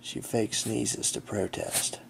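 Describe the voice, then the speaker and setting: A man's voice: on the low side, fairly even intonation, slow pace, creaky, a little hiss or hum. A man chatting casually outdoors, narrating a game of fetch and fondly coaxing his dog. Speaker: channel host. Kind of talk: casual vlog commentary while playing fetch.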